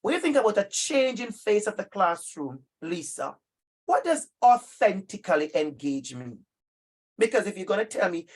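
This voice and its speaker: A man presenting an interactive online workshop for educators, emphatic and animated, calling on participants by name over a video call. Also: high voice, normal speed, breathy edge. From Jamaica.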